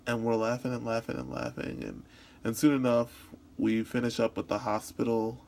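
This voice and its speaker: Creaky-voiced man voicing a story. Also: medium pitch, little pitch movement, a little mellow, a little hiss or hum. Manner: halting, with frequent restarts and repetitions. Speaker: voice interpreter practicing. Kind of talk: voicing a signed personal story in first person.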